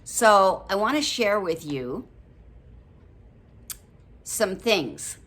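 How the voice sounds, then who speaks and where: Speaking extremely slowly in a sing-song, medium-pitched voice with a fairly bright tone, a book-reviewing vlogger in her late seventies chats to her viewers. She rambles a bit, says um often, and laughs a lot, with a little hiss or hum in the recording.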